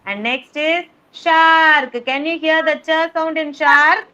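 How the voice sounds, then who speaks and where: Woman kindergarten teacher, slow sing-song phonics drilling over video call, high-pitched. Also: fairly even intonation, sharp tone, highs cut off. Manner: slow, drawn-out sounding of letters, patient repetition. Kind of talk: online phonics lesson for young children.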